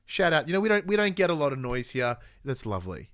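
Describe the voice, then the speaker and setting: Tired, swearing podcast host. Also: male voice, on the high side, quick pace, no echo, clean studio sound. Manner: animated storytelling, swears freely. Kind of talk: casual chat.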